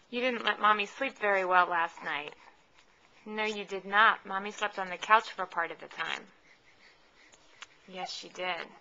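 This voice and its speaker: A woman's voice: medium pitch, pushed and bright. A mother talking baby talk to her infant at home in a sing-song, coaxing way, filmed on a handheld camcorder. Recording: dull lo-fi camcorder audio.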